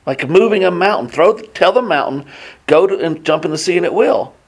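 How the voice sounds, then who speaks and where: A man teaching a Bible class in a casual way, telling personal stories earnestly and excitedly, often restarting his sentences. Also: high voice, a little fast.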